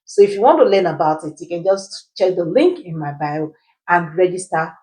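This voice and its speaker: Speaking at normal speed in a lowish, mellow voice, a woman teaches personal finance in an explainer video. She asks and answers her own rhetorical questions and keeps checking in with listeners with "right?", though the audio is poor.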